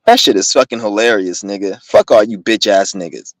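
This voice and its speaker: A man's voice: on the low side, brisk, no echo, rough recording. A young man ranting to his viewers in a heated, rambling, profane way, recorded on a phone. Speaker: vlogger. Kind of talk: casual rant to camera.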